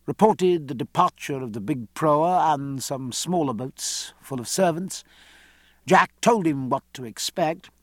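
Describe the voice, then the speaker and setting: A man narrating a novel in an expressive, dramatic storytelling style. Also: medium pitch, no room sound, studio quality. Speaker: audiobook narrator. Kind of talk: scripted narration.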